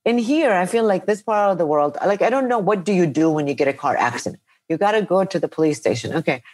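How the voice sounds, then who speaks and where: A middle-aged woman with a slightly low voice tells a long story on a podcast. She chats casually and is animated and exasperated as she retells each step. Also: quick pace. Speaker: podcast host.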